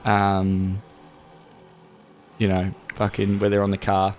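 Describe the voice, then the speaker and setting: Co-hosting a gaming show, this young Australian rambles through his stories in casual chat, swearing and laughing frequently. Yet his low, slightly mellow voice is completely flat and slow, with faint music playing behind him.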